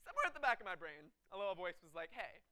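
A young man from Texas, a student pastor telling funny stories in a sermon, animated and laughing often, with many fillers. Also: high-pitched, fairly quick. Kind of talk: humorous sermon storytelling. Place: church before a live congregation.

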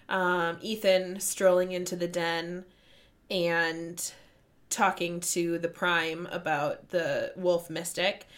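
A woman hosting a casual book chat, retelling scenes with excitement and plenty of swearing. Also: lowish voice. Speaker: book podcast host.

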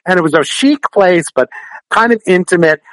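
A man joining a podcast remotely as a guest, telling stories in a lively chatty way and acting out the people in them. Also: high voice, normal speed, dry recording, rough recording. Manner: animated storyteller, mimics voices in anecdotes. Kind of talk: casual chat. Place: remote, joining from the West Coast.

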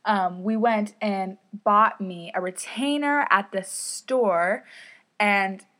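A woman's voice: medium pitch, takes it slowly, pushed and bright. Young woman podcasting into a mic on a stand, rambly, says like constantly, pretty self-deprecating. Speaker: podcast host. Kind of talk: casual solo podcast storytelling.

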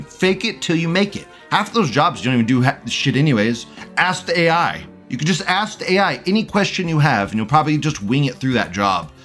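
A man's voice: mid-range voice, fairly bright tone. A young man hosting a livestream, ranting crudely and profanely in casual commentary and laughing often. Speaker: livestream host reading chat.

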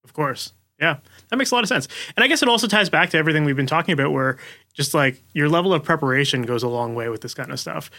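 A man's voice: fairly high pitch, expressive, quick pace, bright, forceful tone. A man hosting a podcast, asking long, chatty questions full of "like" and "you know". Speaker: podcast host. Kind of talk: interview questions, casual.

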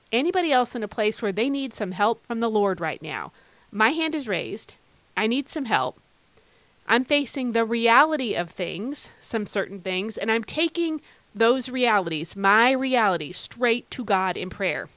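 A woman hosting a devotional podcast, talking earnestly and conversationally, asking listeners direct questions and slowing down to read verses with emphasis. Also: a little high, a bit bright, dry recording. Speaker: podcast host.

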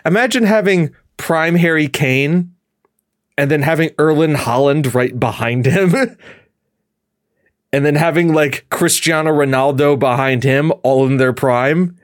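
A man hosting a podcast, chatting in a rambling, animated way and laughing often. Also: fairly high pitch, dry recording, clean studio sound. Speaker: podcast host. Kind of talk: casual chat.

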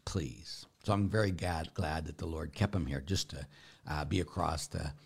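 A blunt, forceful Catholic priest from Pittsburgh, United States, answers listener questions in a casual Q&A. His rumbling low voice has vocal fry and a breathy edge, and at a moderate pace he tells stories with rambling restarts.

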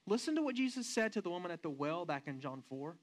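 A man preaching a sermon as a pastor, retelling a scene with rhetorical questions to his congregation and often slowing down or speeding up for emphasis. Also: sits high, very animated.

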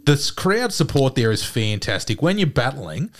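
A man's voice: medium pitch, very animated, moderate pace. An Australian man co-hosting a sports podcast, telling stories in a self-mocking, chuckling way. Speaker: podcast co-host. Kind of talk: casual banter.

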